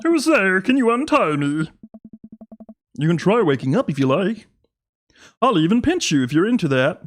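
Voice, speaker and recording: A man's voice: sits high, very animated, moderate pace, soft background music, voice pushed up. A man voicing a nervous captive dad in a nasal cartoon-alien impression. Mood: panicked.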